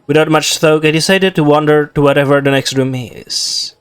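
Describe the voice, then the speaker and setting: A man's voice: a little high, fairly even intonation, moderate pace, smooth. Young man casually reading a game aloud. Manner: chatty, self-mocking asides. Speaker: gamer reading a visual novel aloud. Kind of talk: casual let's play commentary.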